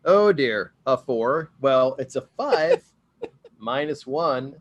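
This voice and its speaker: A man playing a tabletop game, joking and animated as he describes his moves and rolls. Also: medium pitch, slow pace. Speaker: player. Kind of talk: casual tabletop play.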